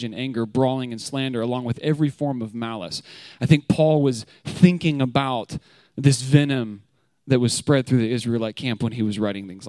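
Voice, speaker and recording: A man's voice: medium pitch, dry recording, clean studio sound. A man giving a short sermon to a congregation, casual and candid, with frequent fillers and rhetorical questions, growing emphatic as he tells the story. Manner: grows emphatic and animated when telling the story.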